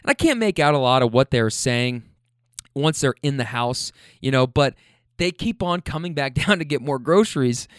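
A man's voice: medium pitch, lively intonation, normal speed, no room sound, clean studio sound. A man casually telling a story, chatty and laid-back, with profanity and self-deprecating asides. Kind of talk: casual spoken anecdote.

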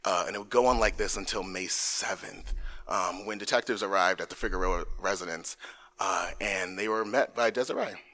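A man with a fairly low voice co-hosts a true crime podcast. He tells the case in loose, halting chat, full of ums and restarts. He breaks the grim story with small jokes. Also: bright, forceful tone. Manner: halting, lots of fillers, jokey asides. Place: in front of a live audience.

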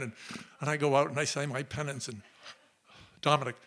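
A man telling a comic personal story on stage before a live audience, in a playful, animated way. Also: mid-range voice, brisk.

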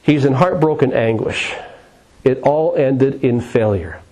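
A man preaches a sermon with dramatic, repetitive phrasing. His voice sits in a middle pitch, and his emphasis rises and falls as he drives each point home. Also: lively intonation, unhurried, mellow, slightly rough, rough recording.

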